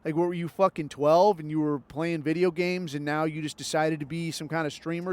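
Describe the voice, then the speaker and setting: A man's voice: a little high, fairly even intonation, brisk, hardly any pauses, darkish tone. A man hosting his own podcast in a rambling, sarcastic, profane solo monologue. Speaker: podcast host.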